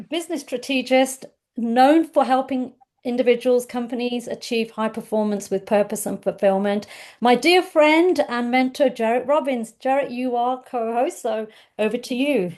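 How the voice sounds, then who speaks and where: A woman's voice: sits high, a little mellow. A woman hosting an online group session over a video call, upbeat and welcoming, chatting with fillers. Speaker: host.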